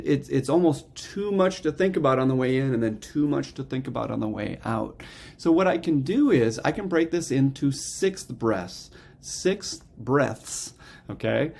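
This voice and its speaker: A man's voice: a little high, creaky, darkish tone. A man teaching a gratitude and meditation breathing practice, explaining step by step and often checking in with "okay?". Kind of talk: casual instructional talk.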